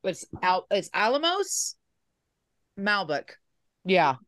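A woman's voice: mid-range voice, sing-song, slow pace, a bit bright, slight background noise. A woman co-hosting a casual chat over drinks on a video call, easygoing, with many short agreements. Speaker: co-host.

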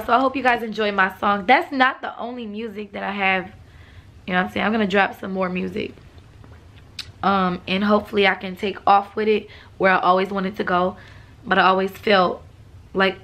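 Young woman vlogger, relaxed and chatty, slightly rough morning voice. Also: mid-range voice. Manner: relaxed, chatty, laughs often. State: morning voice with a cough. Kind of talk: casual vlog talk to viewers.

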